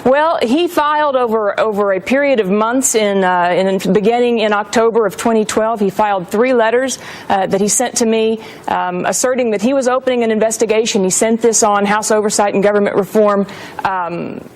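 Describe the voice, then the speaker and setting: A woman answering in a news interview, earnest and halting, restarting and repeating words. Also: mid-range voice. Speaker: interview guest.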